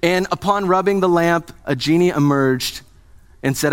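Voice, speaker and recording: A man's voice: fairly high pitch, moderate pace, clean tone. A man preaching a sermon as a pastor, in a conversational, joking way, asking his congregation questions.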